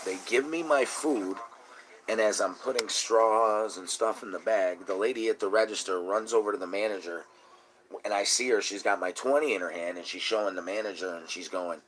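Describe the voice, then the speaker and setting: The host, a man with a lowish voice speaking at normal speed, tells a long, profane story in casual conversation. He grows more and more indignant until he's shouting.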